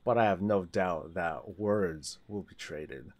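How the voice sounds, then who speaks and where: A man with a somewhat low voice talks casually on a gaming livestream. He rambles, restarts sentences and laughs easily as he chats with his viewers. He speaks into a desk microphone. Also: takes it slowly, a little mellow. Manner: rambling, self-interrupting, laughs often.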